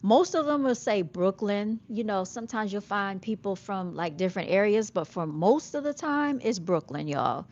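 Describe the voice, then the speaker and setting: A woman's voice: medium pitch, lively intonation, normal speed, hardly any pauses, darkish tone, muffled recording. Chatty woman with a Southern accent. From Jamaica. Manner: chatty, addresses viewers as y'all. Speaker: livestream host. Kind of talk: casual livestream chat reading comments.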